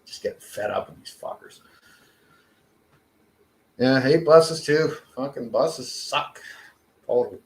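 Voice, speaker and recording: A man's voice: medium pitch, a little slow, long pauses, a little hiss or hum. A Canadian man ranting in a casual podcast chat, swearing constantly. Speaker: podcast co-host. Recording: echoey room.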